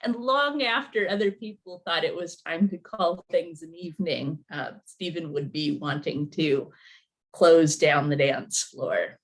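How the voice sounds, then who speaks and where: A woman shares fond, amused memories over a video call, taking her time. Her voice is fairly low and her pace slow. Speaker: panel participant.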